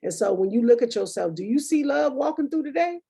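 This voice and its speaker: A woman's voice: sits high, lively intonation, fairly quick, vocal fry, mellow, breathy edge. A woman hosting a podcast, recapping past episodes in a casual, preachy monologue and thinking aloud with fillers.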